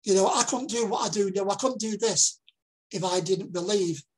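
A man's voice: high voice, moderate pace, poor audio. An older man with a Lancashire accent, giving a heartfelt public talk as a dementia campaigner and repeating phrases for emphasis. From Lancashire, England. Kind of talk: public presentation.

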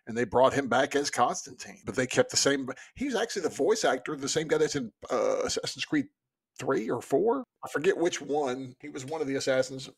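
A man co-hosting a casual book discussion podcast, excitable and rambling, breaking into laughter often. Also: medium pitch, fairly quick, creaky, husky. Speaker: podcast co-host.

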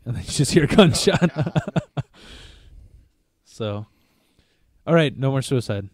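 A man's voice: mid-range voice, animated, slow pace, long pauses, a little mellow. A man co-hosting a casual podcast, telling crude stories and laughing at his own jokes. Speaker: podcast co-host.

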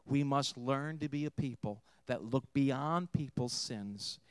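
A man preaching a sermon in a mid-pitched voice. He tells a story in a quiet, intimate tone, then rises to emphatic points. The sound is dry and close. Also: measured pace, clear, resonant tone, no echo. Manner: storytelling, swings between hushed and emphatic. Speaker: pastor.

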